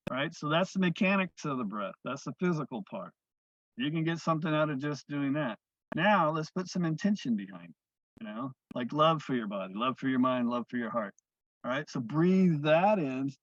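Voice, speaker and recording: A man teaching breathwork, guiding listeners through breaths in a slow, soothing way that often trails off softly. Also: fairly high pitch, no echo. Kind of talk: guided breathing instruction. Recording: dull, lo-fi dry sound.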